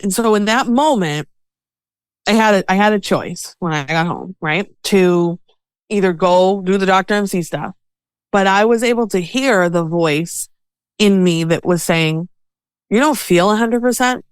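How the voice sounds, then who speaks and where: A woman talking as a podcast guest about self-care, animated, sometimes acting out voices in her head as quotes. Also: medium pitch, a little slow, smooth, no room sound. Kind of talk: conversational interview.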